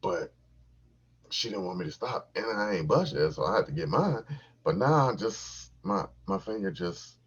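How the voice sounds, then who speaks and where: A podcast host tells a crude, profane comic story, animated and repeating himself for laughs. His husky voice sits on the low side at a moderate pace, captured on a dull, lo-fi recording.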